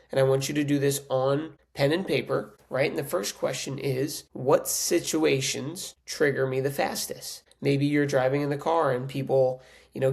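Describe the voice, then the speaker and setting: A man's voice: medium pitch, gravelly. A man hosting a podcast, talking earnestly and conversationally as a coach, often checking in with "right?". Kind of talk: casual motivational monologue.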